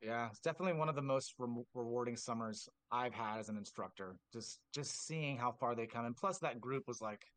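A man's voice: mid-range voice, fairly quick, hardly any pauses, dry recording. A man, a drumline instructor, telling stories casually on a podcast and acting out quoted dialogue with lots of filler words. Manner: animated, acts out quoted dialogue in a raised voice.

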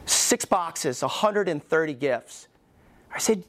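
A middle-aged man preaching a sermon as pastor in a church, emphatic, with pauses, and acting out the voices he quotes. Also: a little high, animated. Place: church sanctuary.

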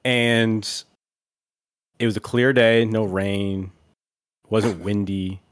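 A man's voice: lowish voice, fairly even intonation, slow pace, clear, resonant tone, no room sound, studio quality. A man co-hosting a podcast, telling a long rambling story in casual chat, full of "like"s. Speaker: podcast co-host.

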